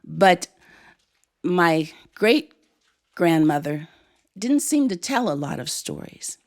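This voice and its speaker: An older woman telling a personal story to a live audience on stage, expressive and playful. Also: fairly low pitch, slow.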